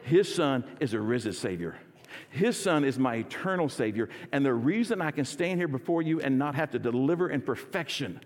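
Energetic pastor in a reverberant church. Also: male voice, mid-range voice, moderate pace. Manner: energetic, leads congregation in call and response. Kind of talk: sermon. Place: church sanctuary.

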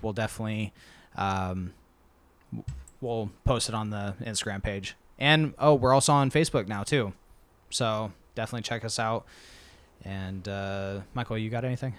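A man's voice: lowish voice, clear, resonant tone. A man co-hosting a casual podcast, reading off sponsor plugs in a laid-back way with lots of ums. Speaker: podcast co-host.

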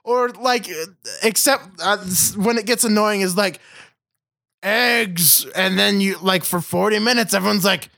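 A podcast co-host rants on a video call, swearing and slipping into mocking voices. His voice sits high and sounds bright, with a gravelly fry and a dry, close sound. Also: steady tone, normal speed, no room sound. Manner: ranting, profane, mocking voices. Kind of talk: casual chat.

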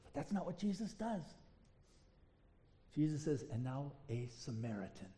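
Animated high-voiced male pastor preaching. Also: moderate pace. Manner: animated storytelling with rhetorical questions. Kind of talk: sermon.

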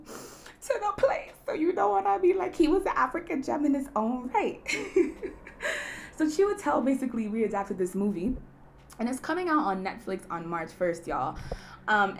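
A woman's voice: on the low side, a little mellow. A young woman from Kenya hosts her weekly podcast, talking loosely and playfully. She laughs a lot and fills her sentences with easy asides. A faint hiss sits under her voice. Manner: chatty, laughs often, lots of fillers like "you know". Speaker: podcast host. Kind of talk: casual solo podcast chat.

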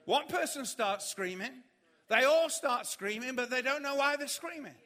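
A man preaching a sermon, telling a funny story and acting out the panic of others in shouts. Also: very high-pitched, normal speed. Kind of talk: sermon with humorous anecdote. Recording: hall reverb.

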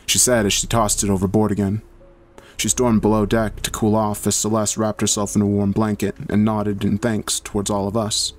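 Low-voiced man reading horror fiction. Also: little pitch movement, moderate pace. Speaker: narrator. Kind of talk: scripted horror narration.

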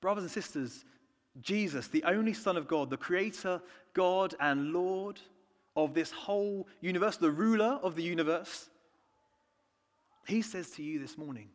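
A man from the United Kingdom preaching a sermon, earnest, moving between soft hushed lines and emphatic ones. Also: high-pitched, moderate pace. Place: church. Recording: long church reverb.

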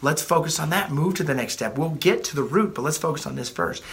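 A man's voice: fairly high pitch, lively intonation, a little fast, vocal fry, a bit bright. A man in his thirties, a life coach giving a blunt motivational talk, swearing freely and often repeating himself.

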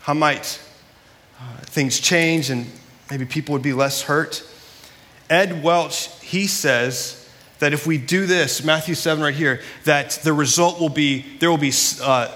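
Pastor, male, fairly high and bright tone; earnest conversational sermon delivery in a reverberant sanctuary. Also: normal speed. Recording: long hall reverb.

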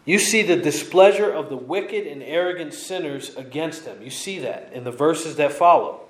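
Emphatic preacher with a raised pitch. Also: male voice, normal speed, roomy sound. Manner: emphatic, repeats key lines. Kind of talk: expository sermon.

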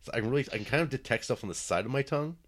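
A man's voice: mid-range voice, lively intonation, racing. A man co-hosting a podcast in casual chat, sounding stuffed up with a cold and making dry remarks. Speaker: podcast co-host. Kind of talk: casual chat over a video call.

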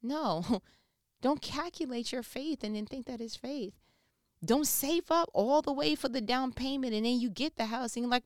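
A woman giving a casual devotional talk on faith, slangy and animated, acting out the voices she quotes. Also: high-pitched, moderate pace, no room sound, studio quality. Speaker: faith speaker.

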